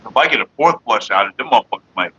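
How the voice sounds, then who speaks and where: A bright-toned man whose pitch swings widely as he rambles through a casual vlog. He cusses freely and mock-rants. The sound is a bit muffled and lo-fi. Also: lively intonation, very fast, husky. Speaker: vlogger. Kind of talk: casual smoking-session vlog.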